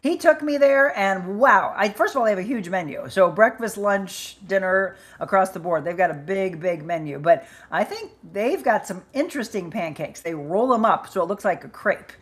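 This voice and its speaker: An upbeat woman hosts a live chat stream. She chats breezily and reads out viewers' names and answers. Her voice sits at a middle pitch. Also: animated, normal speed, few pauses. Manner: upbeat and chatty, reading out names. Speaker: livestream host. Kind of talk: live chat show reading viewer comments.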